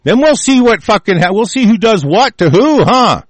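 A man's voice: high voice, sing-song, normal speed, no echo. Furious, profane man ranting. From United States. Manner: furious, profane, shouting threats. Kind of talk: angry political rant.

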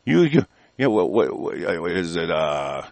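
A man's voice: low-pitched, very animated, slow, creaky, a little mellow, no echo, poor audio. A man delivering a heated, rambling political rant, stumbling over words and filling gaps with "uh" and "you know", with occasional profanity.

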